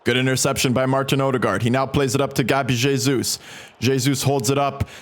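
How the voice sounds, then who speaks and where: A young man giving casual play-by-play commentary on his own football video game match, excited by goals and quick to vent at mistakes. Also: medium pitch. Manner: excitable, swings between calm narration and frustrated outbursts. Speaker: gaming commentator.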